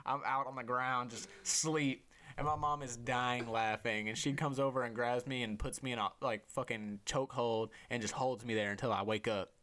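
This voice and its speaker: A man's voice: mid-range voice, fairly even intonation, normal speed, pushed and bright. A man hosting a casual chat, telling stories animatedly, swearing freely and acting out other people's voices. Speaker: host.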